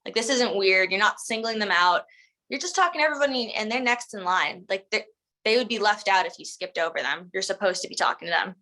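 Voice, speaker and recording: Fast and mid-range, her voice sounds pushed and bright over poor audio. A sales trainer giving casual instruction, she chats with her team full of "um" and "like" while acting out the lines they ought to say.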